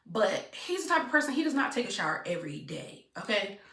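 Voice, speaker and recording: Young woman, blunt storytime vlogger, bright voice, echoey distant mic. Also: mid-range voice, big pitch swings, fast. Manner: blunt, talks straight to viewers. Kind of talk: storytime vlog. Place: room at home.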